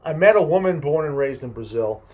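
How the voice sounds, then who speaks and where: Brief: young male guest, somewhat high voice, chatty, animated storyteller. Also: brisk, dull audio. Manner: animated storyteller who acts out quoted people. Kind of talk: casual conversation, personal storytelling.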